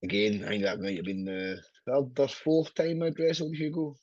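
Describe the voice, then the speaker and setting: Husky Scottish man, blunt and sweary. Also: mid-range voice, little pitch movement, normal speed, a little mellow, no echo, muffled recording. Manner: blunt, sweary, laughing storyteller. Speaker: wrestler guest. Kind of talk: casual podcast chat.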